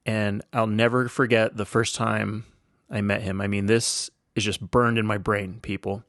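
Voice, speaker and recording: An older American man with a gravelly, lowish voice tells a story on his podcast. He talks in a chatty, enthusiastic way, full of likes and you-knows. The sound is close and dry, with no room echo. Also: little pitch movement, moderate pace, a bit bright. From United States. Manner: enthusiastic, chatty, lots of fillers. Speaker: podcast host. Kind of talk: casual storytelling.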